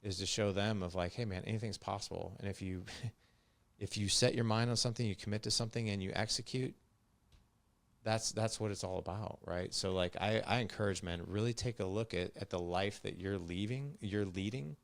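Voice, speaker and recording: A man close to fifty speaks as a podcast guest, blunt and emphatic, often circling back and repeating words for force. His voice sits very low with a rough, gravelly texture. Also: normal speed. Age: 40s. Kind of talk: direct conversational talk.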